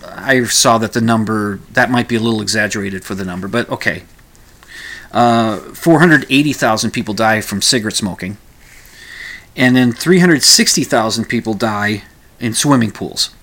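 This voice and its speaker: A man's voice: fairly low pitch, moderate pace, fairly bright tone. A man hosting a casual commentary show, rambling through the news with frequent restarts and asides.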